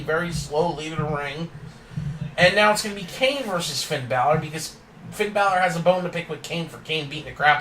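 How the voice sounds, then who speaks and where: A man's voice: on the high side, pushed and bright, far from the mic, slight background noise. Opinionated man ranting in an echoey room. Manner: opinionated, ranting, laughs often. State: yawning and tired. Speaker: wrestling recap host. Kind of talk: casual recap monologue.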